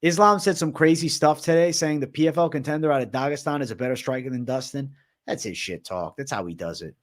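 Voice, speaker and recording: This young man talks fast on his laid-back MMA livestream, fielding chat questions in an offhand manner at a typical mid male pitch. His speech is heavy on profanity and slang, with bro and dog tossed at viewers constantly.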